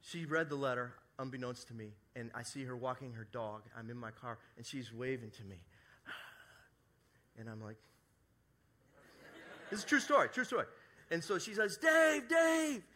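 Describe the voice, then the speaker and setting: A man's voice: medium pitch, expressive, moderate pace, bright, forceful tone. A middle-aged male pastor preaching a sermon to a church congregation, telling a story with jokey asides. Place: church service before a congregation.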